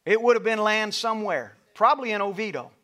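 Pastor, male, middle-aged, high-pitched, preaching in a church hall; swells loud then tells stories softly. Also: animated, fast talker, slight background noise. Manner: builds to loud passionate preaching, then drops to soft storytelling. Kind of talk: sermon. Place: church auditorium with stage lights.

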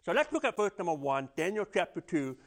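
A man's voice: sits high, big pitch swings, fast talker. A man preaching a sermon, telling a personal story with many stammered restarts. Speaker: pastor.

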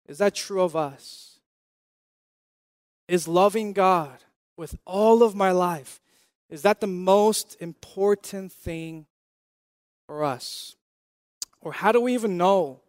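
A pastor in his thirties with a high voice preaches a sermon earnestly and conversationally, repeating key phrases and posing questions to his listeners. It's recorded at studio quality with no room sound.

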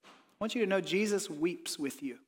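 Preaching earnestly, a notably high-voiced pastor lowers to a hush when reflecting and lifts his voice in pleading prayer. His intonation is lively and his pace moderate, with long reverb trailing off as in a sanctuary.

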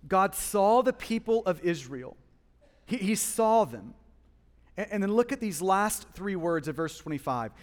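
A male pastor preaching a sermon, impassioned, often repeating the first word of a phrase and voicing God and listeners in quoted lines. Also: sits high. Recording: long reverb of a hall.

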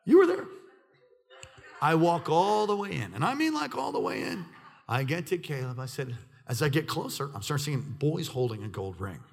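A middle-aged male pastor preaching through a personal story, acting out the people in it and swinging between loud excitement and hushed quiet. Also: on the high side, normal speed, vocal fry. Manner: animated, acts out quoted voices, swings from loud excitement to hushed near-whisper. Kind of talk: sermon storytelling.

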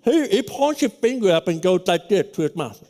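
A man preaching a sermon who tells a story in an animated way, with many restarts, in a loud voice. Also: high voice, moderate pace. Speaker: pastor.

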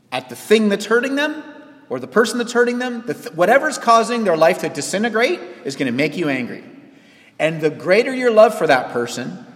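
A man preaching a sermon as pastor, earnest, with sharp rises and sudden quiet drops for emphasis. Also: a little high, long reverb tail.

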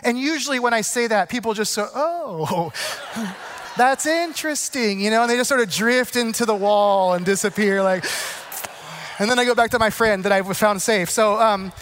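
A man who is a pastor, telling a self-deprecating story in his sermon and then turning earnest and unhurried. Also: sits high, steady tone, fairly bright tone, slight background noise.

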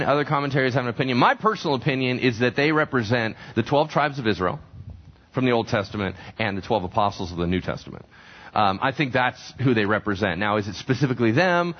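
A man preaching a sermon with a very lively, swooping voice. He keeps putting questions to the congregation and answering them himself. The recording sounds dull and lo-fi. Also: mid-range voice. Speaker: pastor. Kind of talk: sermon teaching from scripture.

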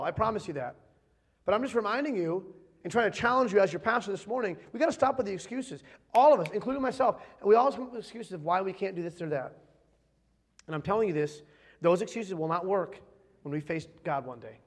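A high-pitched man in his thirties delivers a Sunday sermon as pastor. He presses his listeners with repeated questions and swings between hushed, intimate asides and rising calls to action. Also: lively intonation, brisk. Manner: exhorting, repetitive rhetorical questions.

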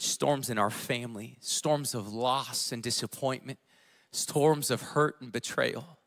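A man in his thirties preaching a sermon as pastor, telling family stories in a casual way with fillers, dropping to a hush and then rising loud. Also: mid-range voice. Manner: casual storytelling with fillers, swinging between hushed and loud.

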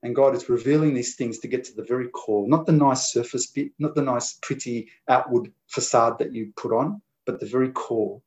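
A man's voice: medium pitch, normal speed, hardly any pauses, darkish tone. A man preaching a sermon in an earnest, conversational way, often restarting his phrases.

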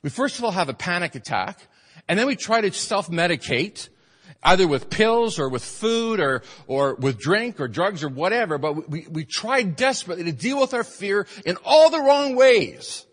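Emphatic preacher in an echoing hall. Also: male voice, high voice, animated, moderate pace, husky. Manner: emphatic preaching, rising and falling in force. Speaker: pastor. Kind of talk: sermon.

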